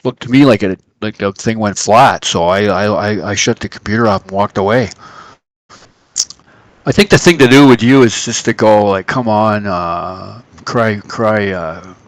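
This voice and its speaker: A man hosting a live trading stream and telling a story in a loose, casual way. He acts out the people he quotes with sudden jumps in pitch. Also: a little slow, no echo. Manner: animated, acts out quoted voices.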